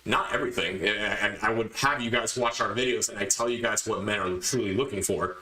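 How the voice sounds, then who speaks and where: A man's voice: lowish voice, fairly quick, sharp tone, reverberant, rough recording. Emphatic man lecturing on a podcast. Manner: emphatic, lectures the listener directly, repeats points. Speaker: podcast host. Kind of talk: opinionated podcast monologue.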